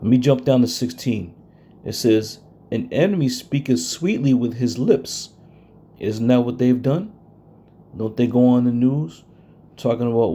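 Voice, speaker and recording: A man preaching a sermon from scripture. He talks bluntly and confrontationally, and reads verses slowly with heavy stress. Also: mid-range voice, expressive, dark tone, slightly rough.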